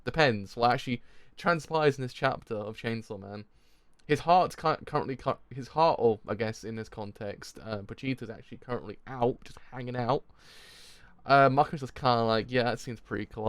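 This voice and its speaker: A young man streaming a live manga reaction, reading the panels aloud and swearing as he shouts in disbelief. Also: mid-range voice, dry recording. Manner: reads manga dialogue aloud.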